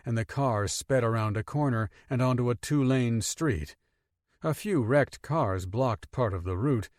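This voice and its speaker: A man narrating an audiobook in steady, expressive storytelling. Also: mid-range voice, no room sound, clean studio sound. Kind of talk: scripted narration.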